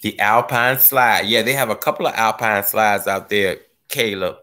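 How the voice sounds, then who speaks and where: A man hosting a gardening live stream, chatting casually as he reads viewer comments, joking and laughing, his voice swooping from low mutters up to high squeals. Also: steady tone, moderate pace, pushed and bright. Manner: playful, laughs often. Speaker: gardening livestream host.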